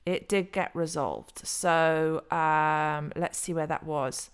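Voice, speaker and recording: A woman's voice: deep voice, steady tone, slow, smooth. A middle-aged woman hosting a casual solo commentary video, chatty and rambling, often stumbling over names and restarting. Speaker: crypto video host.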